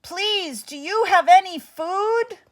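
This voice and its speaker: A woman's voice: very high-pitched, takes it slowly, voice pushed up. A woman voicing Jack, an eager young boy in a bedtime storybook. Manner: eager, excited.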